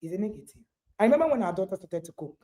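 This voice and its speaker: A middle-aged woman with a Nigerian accent speaks to parents in an emphatic, motivational talk. Her pitch rises and falls with great liveliness, and her tone is mellow and warm rather than bright. She repeats key lines for stress and speaks straight to her listeners. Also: animated, rapid-fire.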